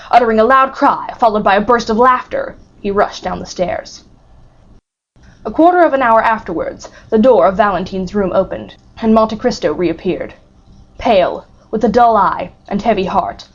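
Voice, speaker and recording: A woman narrates a classic novel audiobook in a steady, dramatic reading. Her voice sits in a mid range. The recording is a little dull and lo-fi. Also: medium pitch. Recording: muffled lo-fi recording.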